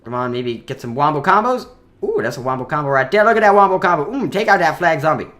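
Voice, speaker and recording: Male let's-play host, enthusiastic and rambling, bright tone with lively swings. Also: a little high, fast talker. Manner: enthusiastic, rambling, with many fillers. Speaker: gaming video host.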